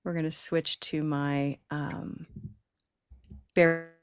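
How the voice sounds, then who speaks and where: A woman's voice: low voice, little pitch movement, very slow, smooth, dry recording. Laughing woman teacher on a dry video call. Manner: laughing, questions the learners. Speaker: teacher and co-host. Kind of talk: live online English lesson.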